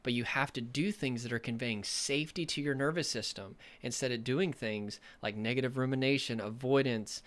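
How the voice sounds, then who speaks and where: A man's voice: mid-range voice, normal speed, hardly any pauses, fairly bright tone. A man coaching on trauma recovery, talking earnestly and emphatically to camera, often repeating himself. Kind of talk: motivational talk to camera.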